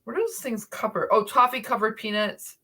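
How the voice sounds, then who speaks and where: A woman hosts a casual livestream, talking loosely and laughing often between her words. Her voice sits a little high and comes across bright and clear. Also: lively intonation, brisk. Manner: chatty, laughs often, many fillers. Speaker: paranormal channel host.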